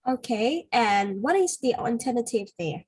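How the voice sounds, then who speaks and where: A woman with a Vietnamese accent gives a one-to-one English speaking lesson, her voice sitting a little high. She corrects patiently, leaning on filler words as she explains. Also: lively intonation, measured pace, darkish tone, slightly rough, rough recording.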